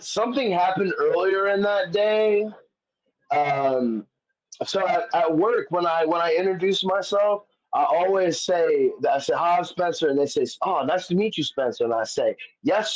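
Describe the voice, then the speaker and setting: A man, a comedian guest, telling stories in casual chat, swearing often and rambling with many fillers. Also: on the high side. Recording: dull lo-fi audio.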